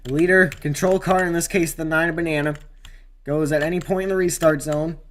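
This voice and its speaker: A man's voice: a little high, brisk, a little hiss or hum. Rambling man commenting on a racing game. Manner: rambling, excitable at near-crashes. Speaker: gamer doing race commentary.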